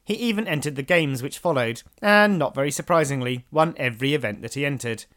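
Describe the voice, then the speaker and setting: A man, a podcast host narrating history in a measured storytelling manner with dry asides. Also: on the high side, expressive, fairly bright tone.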